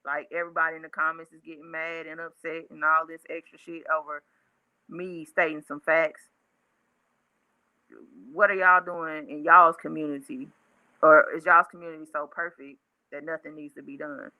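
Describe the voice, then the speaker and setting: A woman's voice: low voice, level tone, normal speed, sharp tone, no room sound, poor audio. A woman joining a live talk show as a guest, blunt and challenging, firing rhetorical questions back at her critics. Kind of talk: casual heated call-in talk.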